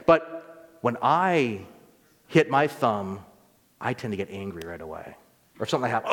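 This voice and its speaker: A man preaching a sermon as pastor, reading scripture slowly and telling quick stories with rising emphasis. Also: mid-range voice, lively intonation. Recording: long reverb of a church hall.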